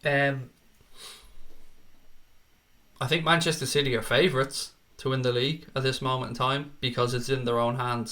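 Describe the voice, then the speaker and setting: A man's voice: mid-range voice, fairly bright tone. A young man hosts a casual football live stream, reading out viewer comments and calling people mate and pal.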